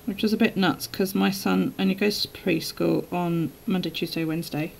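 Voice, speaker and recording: A woman's voice: lowish voice, steady tone, moderate pace, creaky, darkish tone, slight background noise, poor audio. A woman chatting casually on a live stream while journaling, telling stories and laughing often.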